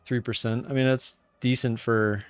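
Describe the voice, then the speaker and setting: A man hosting a live stream in casual chatter, who breaks into loud cheering now and then. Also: mid-range voice, little pitch movement, moderate pace, clean tone, dry recording.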